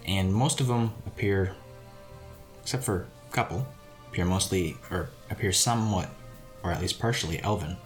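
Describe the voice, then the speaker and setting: A man's voice: low-pitched, moderate pace, soft background music. A man playing a tabletop game, describing things in hesitant, searching phrases. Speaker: player. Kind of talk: casual tabletop play.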